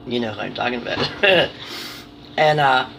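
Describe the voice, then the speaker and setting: A woman's voice: extremely low pitch, expressive, slow pace, vocal fry, noisy background. A woman chatting casually to her viewers in a rambling, apologetic, self-deprecating way, swearing now and then. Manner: nervous, apologetic. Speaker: vlogger. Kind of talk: casual chat to camera.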